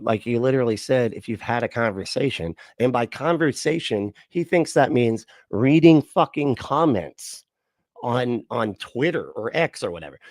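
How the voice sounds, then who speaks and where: A man's voice: medium pitch, darkish tone, no room sound, clean studio sound. A man hosting a livestream, rambling and joking casually, swearing a lot and laughing often. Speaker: livestream host reacting to videos. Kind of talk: casual profane livestream chat.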